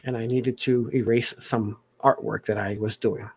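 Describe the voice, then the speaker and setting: A man's voice: mid-range voice, level tone, moderate pace, creaky, breathy edge. A man in his forties from South Africa, hosting a casual livestream chat and telling rambling stories with frequent restarts. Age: 40s. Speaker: livestream host.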